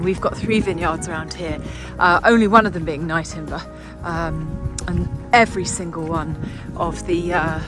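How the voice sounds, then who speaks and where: A woman, talking to camera on a countryside walk in an unhurried, musing way. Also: fairly low pitch. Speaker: vlogger. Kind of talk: casual walking vlog. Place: outdoors in windy countryside. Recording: vlog voice with clear background music.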